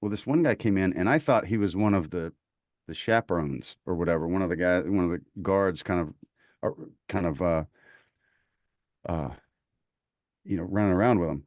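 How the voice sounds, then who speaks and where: Southern guy spinning a yarn, low voice, dry close sound. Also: normal speed, long pauses, no room sound. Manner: animated storyteller, acts out quoted voices. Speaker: podcast guest, voice actor. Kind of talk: casual storytelling chat.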